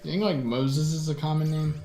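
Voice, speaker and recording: A man's voice: a little high, fairly even intonation, fast, reverberant. A man chatting in a laid-back, rambling way while playing a video game with a friend. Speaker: game streamer. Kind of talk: casual gaming chat. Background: game music.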